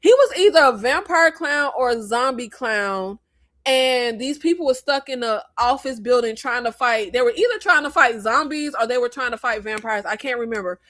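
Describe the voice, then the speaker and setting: An American woman hosting a casual movie review chat, blunt and animated, with rambling asides. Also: on the high side, moderate pace. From United States. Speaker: host.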